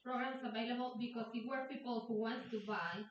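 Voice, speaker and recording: A woman's voice: on the high side, fairly even intonation, brisk, slight background noise. Woman, audience member, far off, echoey room, lo-fi. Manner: answers from across the room, brief. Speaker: audience member answering questions.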